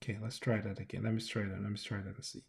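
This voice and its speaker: A man live-streaming his coding session, thinking aloud in casual commentary, often restarting sentences and breaking in with quick exclamations. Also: lowish voice, flat delivery, gravelly. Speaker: developer livestreaming.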